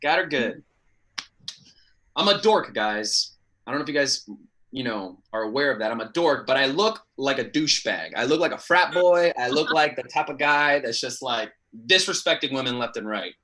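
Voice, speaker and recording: A young man from Miami performing stand-up comedy with animated, self-deprecating storytelling. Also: medium pitch, moderate pace. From Miami, United States. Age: young adult.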